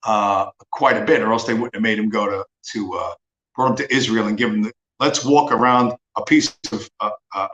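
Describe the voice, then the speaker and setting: A man's voice: mid-range voice, a bit bright, reverberant, rough recording. A man hosting a livestream, talking in a sarcastic, profane, mocking rant. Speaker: livestream host. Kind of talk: casual ranting monologue.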